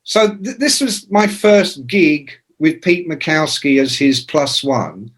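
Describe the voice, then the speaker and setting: A man in his sixties, a rock journalist telling profane, lively anecdotes as a podcast guest. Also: a little high, takes it slowly, slightly rough. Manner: lively, profane, acts out quoted voices. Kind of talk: anecdotal storytelling in a podcast interview.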